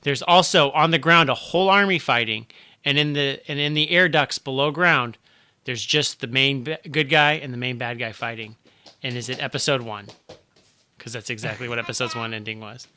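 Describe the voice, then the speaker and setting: A man chatting casually on a podcast, telling stories in a relaxed, wry way. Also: mid-range voice, normal speed, clean tone. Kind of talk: casual chat.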